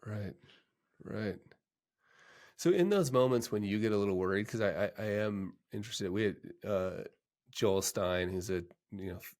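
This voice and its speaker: A middle-aged man hosting a podcast interview, talking casually, restarting his sentences often and livening up when he retells stories. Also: deep voice. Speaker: podcast host, financial planner.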